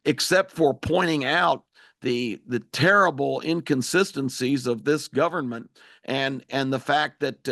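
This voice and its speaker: Male talk radio host, emphatic opinion monologue, gravelly, dry booth sound. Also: on the high side, a bit bright, no room sound. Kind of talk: political talk radio commentary.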